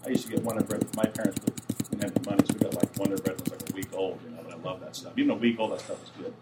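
A man's voice: sits low, racing, heavy background noise. A man preaching a casual, chatty sermon who acts out the voices of the people in the story and asks his listeners questions. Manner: animated, acts out voices of Jesus and the apostles. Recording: roomy and a bit distant, faint room ambience.

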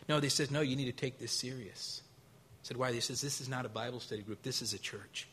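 A man preaching a sermon in a husky, slightly breathy voice. He is a pastor who tells stories and acts out quotes in a casual, folksy way. His delivery swings between loud, excited high bursts and hushed, intense lows. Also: quick pace.

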